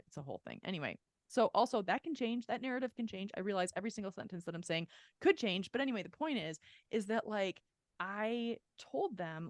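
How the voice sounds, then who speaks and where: A woman's voice: fairly low pitch, no room sound. Candid rambling woman podcaster, dry sound. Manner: candid, rambling, heavy "like" filler, swears freely. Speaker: podcast co-host. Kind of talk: casual chat.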